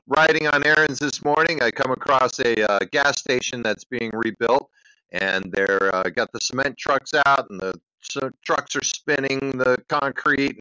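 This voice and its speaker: Male caller, tense bright voice, rambling anecdote, muffled lo-fi message. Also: mid-range voice, clean tone, no echo. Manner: chatty storyteller, many uhs. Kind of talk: recorded voicemail question.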